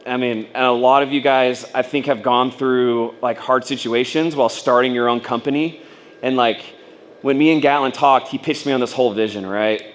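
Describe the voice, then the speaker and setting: A man at a mid-range pitch tells a long personal story to a room of fellow business owners. He rambles casually, packs his talk with fillers, and slips into the voices of the people he quotes. A faint hiss sits underneath. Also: fairly even intonation, normal speed. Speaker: speaker at a business training event. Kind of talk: personal story told to an audience.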